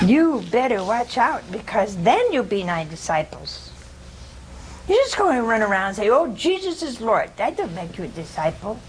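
A woman's voice: mid-range voice, big pitch swings, unhurried, long pauses, a little hiss or hum. A woman giving an informal religious talk to a live audience, chatty and humorous, often putting questions to her listeners. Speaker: religious teacher.

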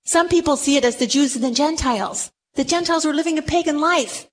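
A woman preaching a sermon to a room, retelling a story with animated delivery and acted-out quotes. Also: sits high, brisk.

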